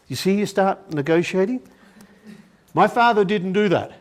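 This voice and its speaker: High-voiced man telling stories. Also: animated, normal speed, long pauses. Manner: storytelling, acting out family dialogue. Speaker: education presenter. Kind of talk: educational talk to an audience. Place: conference hall.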